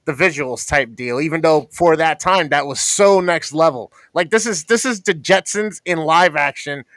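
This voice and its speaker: A man's voice: a little high, normal speed, fairly bright tone, dry recording. A man co-hosting a casual movie review chat, laid-back and slangy. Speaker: podcast co-host.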